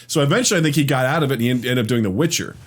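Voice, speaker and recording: A man's voice: medium pitch, very fast, slight background noise. A man hosting a podcast in casual chat, reading out listener comments, laughing and swearing. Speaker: podcast host.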